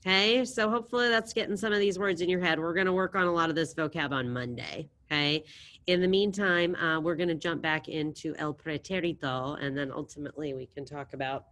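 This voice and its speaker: A woman with a fairly low voice teaches a class online, speaking into a computer mic. She encourages her students and drills verb endings aloud with them, plain and patient. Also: fairly quick, a bit bright. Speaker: Spanish teacher.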